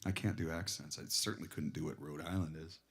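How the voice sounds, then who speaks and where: A singer-songwriter with a guitar banters between songs at an in-store record shop show, spinning rambling stories for a small audience and describing himself as a nervous talker. He speaks fast in a very deep, slightly rough voice with vocal fry, a steady tone and a bit of brightness.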